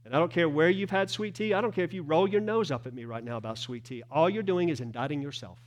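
A male pastor, preaching a sermon in a church with emphatic swings between loud declarations and hushed lines. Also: on the high side, fast. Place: church sanctuary.

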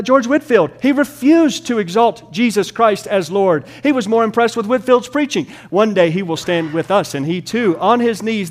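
A man preaching a sermon, swinging from loud, rapid lists to hushed, near-whispered passages. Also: high voice.

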